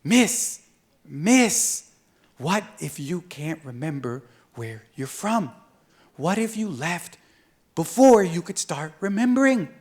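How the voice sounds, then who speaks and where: A man voicing a worried, curious little girl in a storybook reading, speaking softly and hushed. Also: fairly high pitch, very animated, slow. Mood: anxious.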